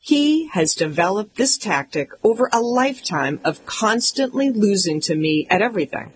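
A woman's voice: mid-range voice, big pitch swings, moderate pace, slight background noise, rough recording. A woman reading a comic memoir aloud in an emphatic, mock-indignant way. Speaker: audiobook narrator. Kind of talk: scripted comic memoir narration.

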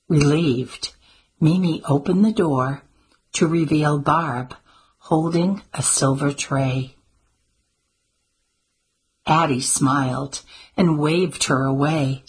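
A woman narrating an audiobook in a calm, measured storytelling manner. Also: low voice, breathy edge.

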